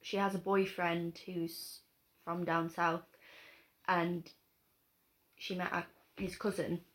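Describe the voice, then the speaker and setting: A young woman with a Geordie accent from the North East of England, chatting and telling lively stories on a podcast. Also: on the low side, takes it slowly. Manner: animated storytelling with put-on voices and laughter. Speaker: podcast co-host. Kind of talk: casual chat.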